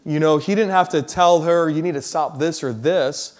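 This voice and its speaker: A man's voice: a little high, moderate pace. Casual storytelling male preacher. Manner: casual, slangy storytelling that builds to loud emphasis. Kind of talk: sermon storytelling.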